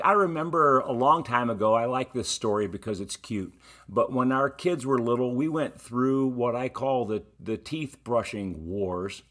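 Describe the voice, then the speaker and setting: Male pastor, middle-aged, unhurried sermon delivery, conversational with emphatic key words. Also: mid-range voice, a bit bright.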